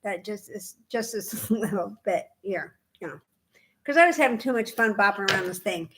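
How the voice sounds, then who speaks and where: A woman from Indiana co-hosting a knitting podcast, telling animated stories in casual chat and laughing often. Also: mid-range voice, moderate pace, noisy background. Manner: animated storyteller, laughs often, acts out quoted dialogue. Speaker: podcast co-host.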